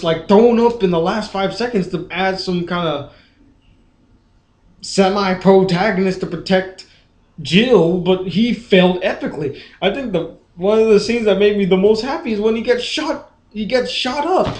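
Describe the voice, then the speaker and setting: A man's voice: sits high, roomy sound. A young man ranting in a frustrated movie review vlog, full of fillers like "like.". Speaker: vlogger.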